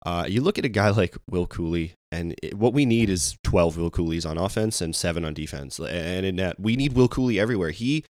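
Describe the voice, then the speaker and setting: A man's voice: low-pitched, brisk, hardly any pauses, a little mellow, no echo. A man co-hosting a casual sports podcast, exasperated and firing off rhetorical questions. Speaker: podcast co-host.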